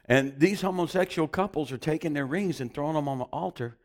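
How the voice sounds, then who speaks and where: A preacher telling a story in a sermon, animated and often chuckling as he goes. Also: on the high side, brisk.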